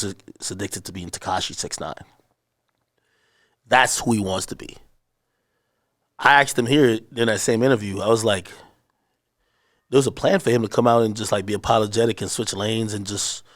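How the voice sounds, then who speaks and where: Animated man telling a story. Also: lowish voice, normal speed, long pauses. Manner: animated storyteller, acts out shouted quotes; profane, slangy. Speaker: interview guest. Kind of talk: casual storytelling interview.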